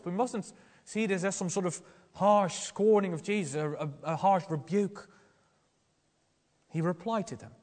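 A man delivers a sermon, earnest and searching, circling back to restart his phrases as he works through the text. His voice sits fairly high for a man, and it carries with a long reverberant tail through a church hall. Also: darkish tone. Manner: earnest, questioning, with frequent restarts. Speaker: preacher.

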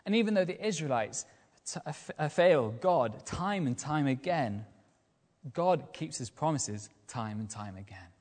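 A man giving a lively evening sermon as a lay preacher, using rhetorical questions and repetition. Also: on the high side, unhurried, long reverb tail. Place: church.

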